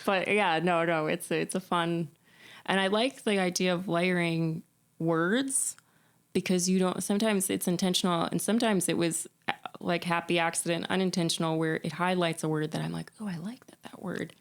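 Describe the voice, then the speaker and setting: A woman musician being interviewed, telling stories in an animated way, often laughing and restarting her sentences. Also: on the low side, normal speed, clean tone. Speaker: musician guest. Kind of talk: casual interview chat.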